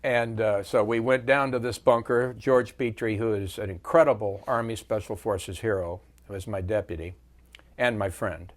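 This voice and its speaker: Speaking with a lowish voice, a veteran in his seventies is interviewed about wartime, narrating his memories deliberately and stopping often.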